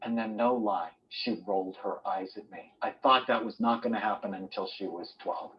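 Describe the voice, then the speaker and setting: A man's voice: fairly low pitch, moderate pace, dull audio. A man, a doctor, giving a motivational self-help talk, telling stories and acting out what people said. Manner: storytelling, acting out quotes in varied voices.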